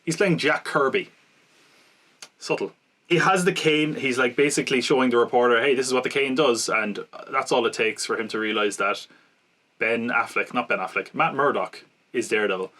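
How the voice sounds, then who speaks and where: A man with a bright, forceful voice and a middle pitch co-hosts a podcast. He recaps a film's plot in casual chat that rambles along, full of fillers and quick self-corrections. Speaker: podcast co-host. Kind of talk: casual film-review chat.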